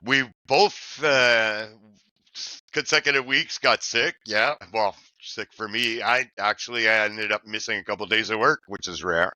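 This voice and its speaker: A man's voice: lowish voice, unhurried, bright, forceful tone, no echo. A middle-aged man co-hosting a podcast, chatting casually and jokingly about recovery. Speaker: podcast co-host.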